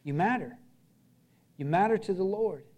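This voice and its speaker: A middle-aged man preaching a sermon as pastor, earnest, repeating short phrases and dropping from loud emphasis to a hush. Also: high voice, lively intonation, normal speed.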